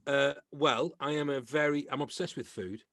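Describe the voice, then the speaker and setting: In a dry recording at a mid-range pitch and normal speed, a middle-aged English man chats as a podcast guest. He's a comedian and actor, a lively storyteller who acts out the voices of the people in his casual anecdotes.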